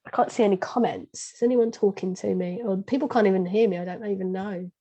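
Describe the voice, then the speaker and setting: A woman's voice: mid-range voice, fairly even intonation, fast, warm tone, muffled recording. Chatty woman with a slight Kent accent. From Kent, England. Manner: chatty, talks straight to viewers. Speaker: interview guest. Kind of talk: casual live-stream chat. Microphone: video call.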